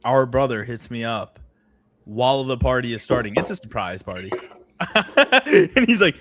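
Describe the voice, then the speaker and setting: A man's voice: medium pitch, normal speed. A man co-hosting a casual podcast chat, telling stories with lots of laughter and swearing. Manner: laughs a lot, profane, animated storytelling. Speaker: podcast co-host.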